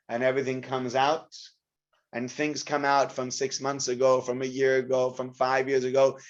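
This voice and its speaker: Rabbi guy teaching torah, fairly high voice, jumps into loud acted-out lines, dull lo-fi sound. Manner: acts out quotes with sudden loud outbursts. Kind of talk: Torah class. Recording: dull lo-fi recording.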